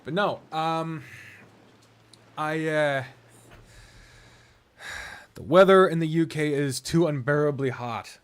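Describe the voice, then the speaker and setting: A man's voice: on the high side, takes it slowly, long pauses, clear, resonant tone. A man streaming a strategy game, rambling casually, talking to himself and swearing often. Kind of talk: casual live-stream chat while gaming.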